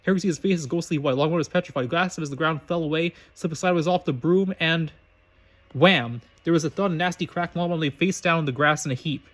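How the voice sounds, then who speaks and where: Male amateur reader, quick, stumbling and self-correcting narration. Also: a little high, a bit bright. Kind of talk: reading fan fiction aloud.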